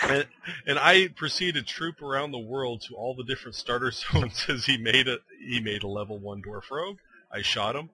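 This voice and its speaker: A man's voice: mid-range voice, moderate pace. A man co-hosting a casual gaming podcast, telling stories with lots of laughter and acted-out quotes. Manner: animated storyteller, laughs often, acts out quoted lines. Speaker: podcast co-host. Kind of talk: casual chat.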